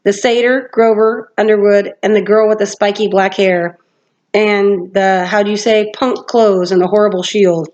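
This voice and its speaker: A woman's voice: mid-range voice, steady tone, moderate pace, a little mellow, lightly acted. A woman voicing a cruel male monster doctor who speaks with a weird French accent, in a slightly muffled lo-fi recording. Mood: sneering.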